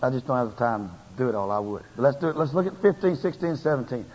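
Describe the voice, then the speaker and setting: A man preaching a sermon in a folksy, animated way, his emphasis rising and building as he goes. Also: mid-range voice, fast talker, breathy edge. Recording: lo-fi tape with long hall reverb.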